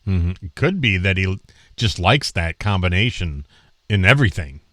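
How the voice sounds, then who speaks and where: A man's voice: low voice, expressive, normal speed, fairly bright tone, no room sound. A man co-hosting a radio show, chiming in with dry, teasing, opinionated asides. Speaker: radio co-host. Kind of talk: casual radio chat.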